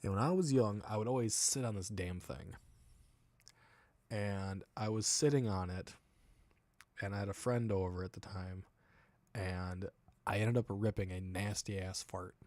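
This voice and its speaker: Low-voiced man joking on a livestream. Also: measured pace, long pauses, a little mellow, no echo. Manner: laughs often, crude humor, storytelling. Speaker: streamer. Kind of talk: casual livestream chat.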